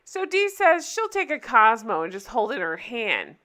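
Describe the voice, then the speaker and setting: A woman's voice: a little high, very animated, normal speed, bright, forceful tone. A woman recapping a TV episode in a casual chat, often breaking up laughing. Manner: giggly, keeps breaking into laughter. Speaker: recap vlogger.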